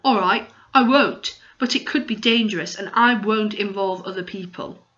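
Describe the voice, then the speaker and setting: A woman's voice: medium pitch, moderate pace, fairly bright tone, close to an everyday voice. A woman voicing a practical, somewhat gloomy boy who talks in a matter-of-fact way, in a slightly dull recording. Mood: firm.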